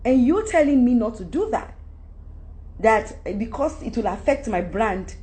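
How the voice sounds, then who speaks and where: A middle-aged Nigerian-accented woman lectures her followers live through her phone. Her voice sits high and leaps all over the place, and she keeps breaking into loud, preachy outbursts. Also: expressive, a little slow. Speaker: livestream host. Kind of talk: unscripted rant on a live stream.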